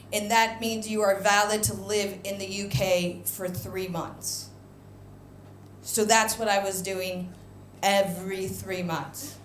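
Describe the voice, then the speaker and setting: An American woman performing a stand-up comedy set, telling a story with lively swings into high, indignant outbursts. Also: a little hiss or hum. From United States. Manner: animated storytelling, voice jumps high when indignant. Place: theatre stage before a live audience. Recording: roomy live venue with crowd laughter.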